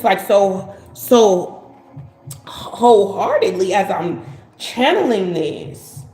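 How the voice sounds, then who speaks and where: A woman's voice: mid-range voice, darkish tone, roomy sound, rough recording. A woman giving a casual live-stream tarot reading, rambling and repeating herself, often saying "like". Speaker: tarot card reader.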